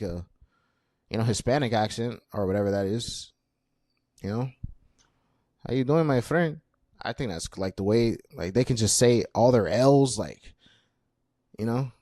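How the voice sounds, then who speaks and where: A man's voice: medium pitch, a little mellow, dry recording, studio quality. A young man in his twenties hosting a casual solo podcast, chatty and self-deprecating with lots of fillers. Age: 20s. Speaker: podcast host.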